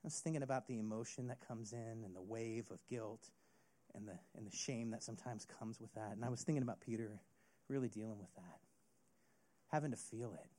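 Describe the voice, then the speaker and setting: A man preaching a sermon as a youth pastor, retelling a story with an expressive delivery. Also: fairly low pitch, brisk.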